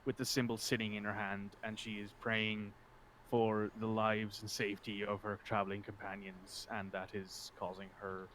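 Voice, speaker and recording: A man playing a tabletop role-playing game, describing his character's actions in a relaxed, chatty way. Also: lowish voice, moderate pace, slight background noise.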